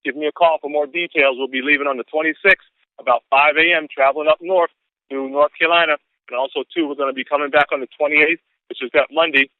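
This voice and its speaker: A man on a conference call, hyping an upcoming event in an excitable, whooping sales manner. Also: on the high side, fast talker, no echo. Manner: excitable, whooping, preacher-like hype. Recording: phone line.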